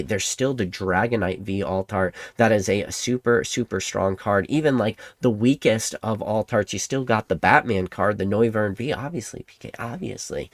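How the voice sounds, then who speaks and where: A man hosting his own channel, talking in a rambling, animated way and acting out the imagined replies of his viewers. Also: on the low side, no room sound. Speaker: Pokemon card collector and channel host. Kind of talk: casual monologue to camera.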